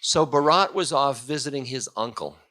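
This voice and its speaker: A man's voice: medium pitch, expressive, normal speed, pushed and bright. A man, a spiritual teacher, giving a storytelling lecture in a casual, meandering way with chuckling asides.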